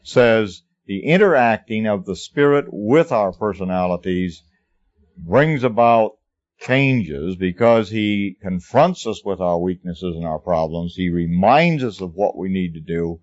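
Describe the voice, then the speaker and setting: A man earnestly teaching about Christian life, speaking deliberately and with emphasis, often repeating himself. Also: low voice, lively intonation. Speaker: Christian teacher answering a question. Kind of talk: unscripted spoken teaching. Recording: dull lo-fi recording.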